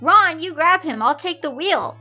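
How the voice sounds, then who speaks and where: A woman's voice: extremely high pitch, lively intonation, measured pace, pushed and bright, soft background music, voice pushed up, exaggerated voice. A woman voicing a sarcastic teenage witch in a fan story she reads aloud, bossy and snappy.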